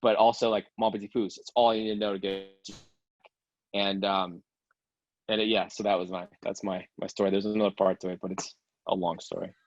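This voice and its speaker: A man's voice: on the low side, little pitch movement, brisk, dull audio. A man casually telling a long travel story on a video call, rambling with many fillers and restarts. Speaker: game participant sharing a travel story.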